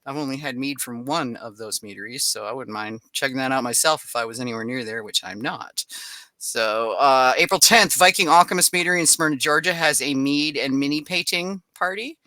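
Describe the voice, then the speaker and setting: A woman's voice: extremely low pitch, sharp tone, no room sound. A woman hosting a podcast, reading through a list of upcoming events in a casual way with chatty asides. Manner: reads a list briskly with asides and small laughs. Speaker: podcast host. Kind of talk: casual event-listing readout.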